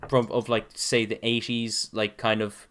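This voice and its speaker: A man's voice: lowish voice, little pitch movement, measured pace, fairly bright tone. A young man co-hosting a casual podcast chat, laughing easily and admitting he stutters a lot. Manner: laughing, self-aware about stuttering. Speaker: podcast co-host.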